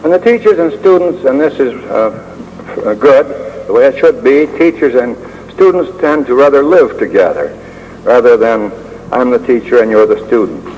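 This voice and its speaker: A man's voice: mid-range voice, animated, a little mellow, highs cut off. Older man speaking in a reverberant hall. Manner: measured, with dry humor and frequent uh pauses. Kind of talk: prepared speech. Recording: long hall reverb with faint hiss.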